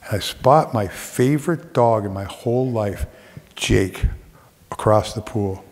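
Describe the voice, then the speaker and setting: A man's voice: on the low side, measured pace, a little mellow. Middle-aged man telling a story on stage. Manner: reflective, dramatic shifts of tempo. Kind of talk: live stage monologue. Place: theater stage. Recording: theater with long reverb.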